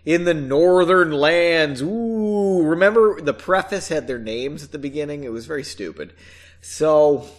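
A young man with a lively, bouncing voice rambles sarcastically between chapters of a book he reads aloud. He laughs often, swears casually and trails off into asides. His pitch sits a little above average. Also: a little slow. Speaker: podcast host reading a book aloud. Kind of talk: casual podcast chat and mocking read-along.

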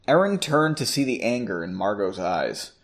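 Lively man reading fiction aloud. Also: on the low side, normal speed. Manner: self-correcting, mocks the text. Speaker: reader. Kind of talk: casual fiction read-aloud.

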